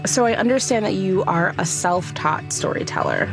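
A woman interviewer calmly asking a storyteller questions. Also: medium pitch, normal speed, low-quality recording. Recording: interview with music behind.

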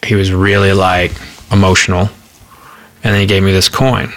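Earnest bright-voiced male veteran, halting. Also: deep voice, level tone. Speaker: author and war veteran. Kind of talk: casual interview.

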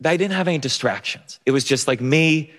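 Before an audience on stage, a young man briskly tells a personal story in a slightly bright voice on the high side. He sounds nervous and self-mocking, with many restarts and bursts of laughter, and the recording has long stage reverb.

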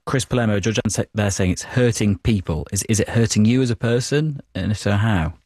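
A man's voice: fairly low pitch, brisk, a little mellow, slightly rough, dry recording, clean studio sound. A man hosting a panel discussion, asking questions with brief interjections. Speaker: host.

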